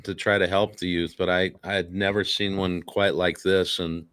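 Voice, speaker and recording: A man hosting a casual talk show, speaking earnestly and haltingly with many fillers. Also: deep voice, little pitch movement, fairly bright tone, clear, resonant tone. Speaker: podcast host.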